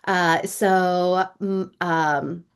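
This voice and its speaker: A woman in her forties, an author guesting on a podcast, talking in quick, chatty bursts with casual fillers. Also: lowish voice, fairly even intonation, clean tone. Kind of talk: conversational interview.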